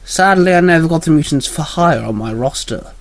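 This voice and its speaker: A man voicing a cold, scarred male villain who speaks in a slow, quiet, menacing way. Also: fairly high pitch, animated, dry recording.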